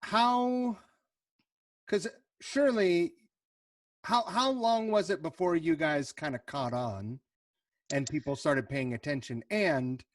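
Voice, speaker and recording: A man's voice: a little high, slow, dry recording, distant mic. A man hosting a podcast, asking long rambling questions in a friendly, self-deprecating way. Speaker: podcast host. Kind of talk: casual interview.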